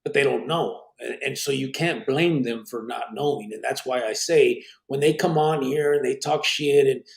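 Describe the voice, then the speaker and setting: A man with a gravelly, fry-heavy voice talks casually on a podcast. He is middle-aged and tells his stories in an animated way, full of street slang and swearing. His pitch sits in an ordinary middle range. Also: normal speed, reverberant. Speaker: podcast host.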